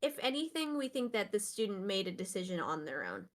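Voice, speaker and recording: A woman voicing a worried, unseen person talking in hushed, hesitant tones in a hallway. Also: medium pitch, big pitch swings, brisk, lightly acted. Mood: reassuring. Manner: hushed, hesitant, filler-heavy.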